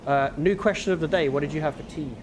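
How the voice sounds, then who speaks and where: A man's voice: fairly high pitch, fast talker, slight background noise. A man with a northern English accent, chatting casually with viewers while gaming on a livestream in a laid-back, rambling way. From northern England.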